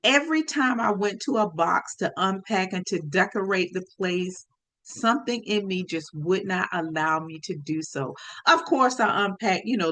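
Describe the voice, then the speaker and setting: A woman telling a personal story on her podcast, lively and speaking straight to her listeners. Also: lowish voice. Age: adult.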